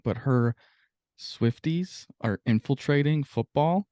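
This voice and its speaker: A man's voice: medium pitch, slow, warm tone, no echo, clean studio sound. Ranting, profane man on a podcast. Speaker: podcast co-host. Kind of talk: casual sports podcast chat.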